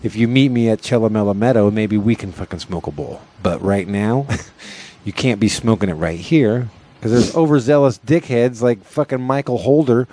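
A man's voice: fairly low pitch, moderate pace, warm tone. A man, a festival security worker, chatting casually, rambling through stories and swearing freely. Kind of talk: casual chat.

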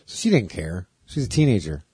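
Mellow husky man telling stories. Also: deep voice, fairly quick, no room sound. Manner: animated storyteller, acts out voices. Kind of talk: casual chat.

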